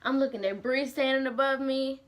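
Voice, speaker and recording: A woman's voice: sits high, moderate pace. A young woman vlogger telling a story in casual, slangy, profane talk, with lots of "like". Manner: animated, slangy and profane, heavy use of "like".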